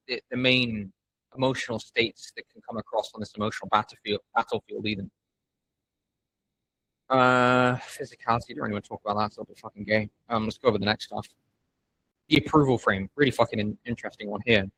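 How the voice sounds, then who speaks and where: Young guy teaching sales, husky voice, swears a lot, pretty emphatic. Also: medium pitch, a bit bright, low-quality recording. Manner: blunt, profane and emphatic. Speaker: sales coach. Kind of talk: casual instructional talk.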